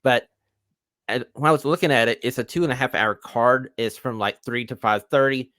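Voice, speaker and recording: A man hosting a wrestling podcast, previewing matches with casual enthusiasm and pushing listeners to buy tickets. His voice sits at a middle pitch, and the recording is dry with no room echo. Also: normal speed, a bit bright. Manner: enthusiastic, plugging the show. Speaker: podcast host.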